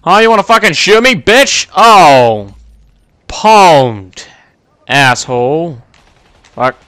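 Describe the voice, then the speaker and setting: A young man commenting on his gameplay, short-tempered and cursing, yelling at the game. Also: on the high side, animated, takes it slowly, smooth. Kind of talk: gaming commentary. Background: gunfire from the game.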